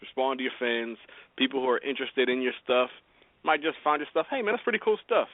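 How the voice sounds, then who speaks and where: A man's voice: medium pitch, expressive, fast, no echo, narrow, tinny audio. A man hosting a casual talk show, giving joking, rambling advice on promoting music, often laughing. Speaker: podcast host.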